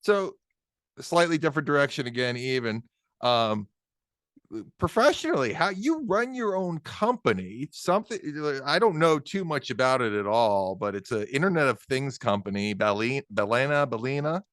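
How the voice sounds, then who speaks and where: A male podcast host in a casual interview, his pitch bouncing up and down as he works his way into a question. He stays at a middle pitch overall. The recording is close and dry. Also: expressive, moderate pace, fairly bright tone, no room sound.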